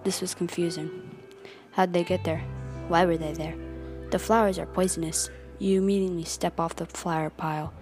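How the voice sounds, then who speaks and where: A woman's voice: lowish voice, little pitch movement, brisk. A young woman telling a story in the second person, dramatic and questioning, with music behind.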